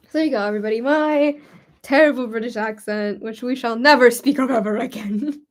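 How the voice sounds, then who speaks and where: A young woman with a slightly high voice talks casually as she works on a quilt. She giggles often, rambles between thoughts and pokes fun at herself. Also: brisk. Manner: giggly, rambling, self-mocking. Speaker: crafting YouTuber. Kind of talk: casual chat while quilting.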